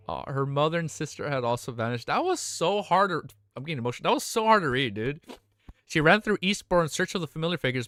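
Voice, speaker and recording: A man's voice: medium pitch, a bit bright, no room sound, clean studio sound. A young man streaming live, reading a novel aloud and reacting in a casual, emotional, swearing way. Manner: casual and swearing, often emotional, exclaims "dude".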